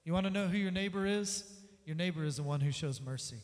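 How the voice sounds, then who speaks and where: A man preaching a sermon as pastor, energetic, acting out the voices in the story he tells. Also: sits high, fast talker. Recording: long reverb of a large hall.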